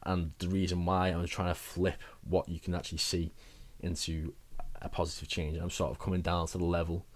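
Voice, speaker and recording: Young guy vlogging, low voice, rambly and chatty, laughs at himself. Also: level tone, fairly quick, hardly any pauses. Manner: chatty, rambling, self-mocking with frequent laughs. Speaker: wellbeing vlogger. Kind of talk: casual advice vlog.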